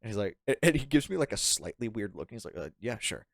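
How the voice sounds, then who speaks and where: A man's voice: mid-range voice, quick pace, gravelly, no room sound, studio quality. A young man telling a rambling story in a casual chat, laughing often and acting out what people said. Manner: animated, rambling, laughing, acts out quoted lines. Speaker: podcast guest.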